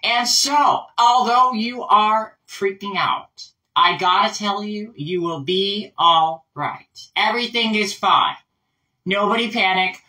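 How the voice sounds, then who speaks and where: Guy doing a lady politician voice, high and steady, super calm, a bit far from the mic. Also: reverberant, heavily acted. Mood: soothing. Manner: measured, soothing, with giddy little laughs. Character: impression of a woman politician, calm, reassuring.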